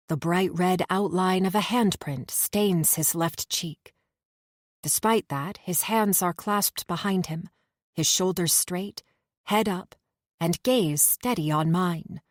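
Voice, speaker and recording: Low-voiced woman narrating an audiobook. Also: no room sound, clean studio sound. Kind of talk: first-person audiobook narration.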